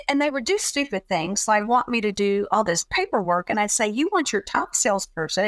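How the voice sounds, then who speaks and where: A middle-aged woman with a fairly high voice tells a personal story in a relaxed chat, slipping into the voices of the people she quotes. The sound is dry and close, with no room echo. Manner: animated, acts out quoted dialogue. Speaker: guest.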